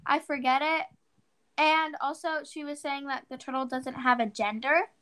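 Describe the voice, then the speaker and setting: High, bright-voiced teenage girl rambling. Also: steady tone, normal speed. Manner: rambling storytelling with many "like"s; acts out her own past exclamations. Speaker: podcast co-host. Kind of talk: casual chat.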